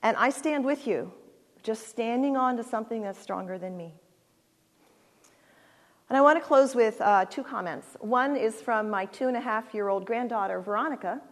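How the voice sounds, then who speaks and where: A woman in her sixties, speaking as a guest at a church, gives an earnest, heartfelt personal talk with halting restarts and closes in prayer. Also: fairly high pitch. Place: church sanctuary. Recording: long reverb of a large church hall.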